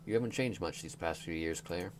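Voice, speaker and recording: A man reading the lines of a friendly, loyal young man in a game, in a deep, plain voice. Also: a little fast, slight background noise, close to an everyday voice.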